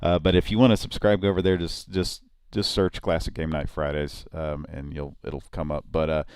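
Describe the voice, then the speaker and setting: Casual live-stream co-host, a man with a deep, smooth voice, chatty and rambling. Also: flat delivery, brisk, a little mellow, no echo, studio quality. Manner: rambling, many restarts, swears casually. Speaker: podcast host.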